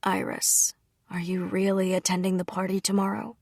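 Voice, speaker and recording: Woman doing a shy awkward younger brother, quiet low-key voice, husky. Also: completely flat delivery, normal speed, dry recording, clean studio sound. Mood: subdued. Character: hesitant young noble brother.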